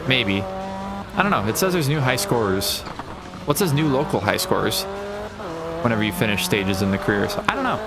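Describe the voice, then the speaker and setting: A man giving casual, rambling commentary on a game playthrough, thinking aloud with wry asides. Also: mid-range voice. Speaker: gaming channel host. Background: racing game sounds and music.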